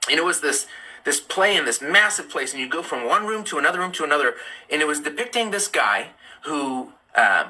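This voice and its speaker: A man's voice: a little high, very animated, fairly quick, bright, forceful tone, poor audio. A young man hosting a live stream, chatting casually and telling personal stories with candid asides. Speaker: livestream host. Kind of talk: casual live chat and storytelling.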